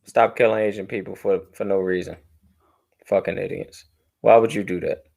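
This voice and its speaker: A man's voice: low voice, normal speed, creaky. A man co-hosting a podcast in casual banter. He jokes around and laughs easily. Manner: animated, joking, laughs easily. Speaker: podcast co-host.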